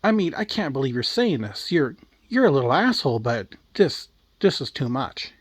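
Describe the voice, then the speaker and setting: A man voicing a sharp-tongued, vengeful old grandmother who scolds and tells a grisly tale. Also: mid-range voice, big pitch swings, moderate pace, husky, dry recording. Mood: furious.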